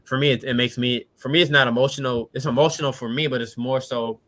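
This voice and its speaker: Bright-voiced young man telling his story. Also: medium pitch, fast talker. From Washington DC. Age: late 20s. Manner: relaxed, earnest, peppered with "you know what I'm saying". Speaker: podcast guest. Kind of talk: casual storytelling.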